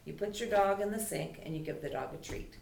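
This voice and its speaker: A woman's voice: mid-range voice, brisk, creaky, darkish tone. A woman dog trainer teaching a puppy class in a chatty way, voicing the dog's thoughts. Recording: echoey room from far off, faint noise.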